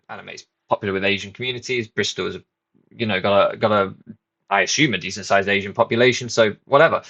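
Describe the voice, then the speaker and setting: A man's voice: medium pitch, a bit bright, dull audio. A man and channel host casually telling a rambling, self-mocking story, swearing freely.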